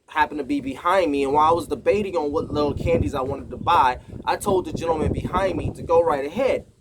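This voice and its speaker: A man's voice: a little high, slight background noise, rough recording. An American man vlogging, retelling a personal run-in in an emphatic, indignant way. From United States. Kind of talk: casual storytelling to camera.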